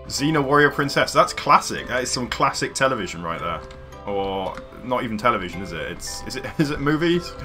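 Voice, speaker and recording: A man's voice: medium pitch, very animated, moderate pace, long pauses, pushed and bright, soft background music. A man from near London, chatting casually on a game livestream, rambling with many fillers and restarts. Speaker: streamer. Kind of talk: casual livestream chat while gaming.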